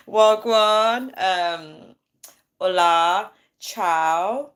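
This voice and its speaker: A woman's voice: mid-range voice, drawn-out words. A woman in her thirties hosting a casual phone live stream, chatty and bubbly, reading out viewer comments. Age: 30s. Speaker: livestream host.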